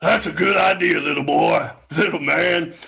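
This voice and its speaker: A man voicing a huge, grumpy male giant in an improvised comedy scene, booming, slow and menacing. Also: gravelly, a crowd in the background. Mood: grumbling.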